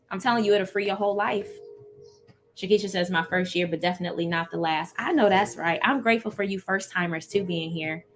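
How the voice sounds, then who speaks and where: A woman hosting a live stream in casual chat, reading out viewer comments and talking to them warmly. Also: mid-range voice. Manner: warm, chatty, reads out viewer comments.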